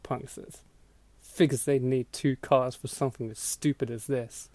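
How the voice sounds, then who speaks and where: Laughing his way through a mocking dramatic reading of an old blog post, this podcast host acts out the lines. His mid-range voice is steady and a little mellow, a bit slow, and the recording is dry.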